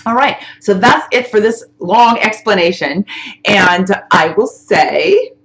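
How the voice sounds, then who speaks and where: A woman's voice: mid-range voice, animated, takes it slowly, fairly bright tone, dull audio. A woman giving a casual tapping lesson, talking step by step and checking in with "okay?" after each point. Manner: chatty, repeats "okay?" to check in. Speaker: tapping coach. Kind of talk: casual instructional talk to camera.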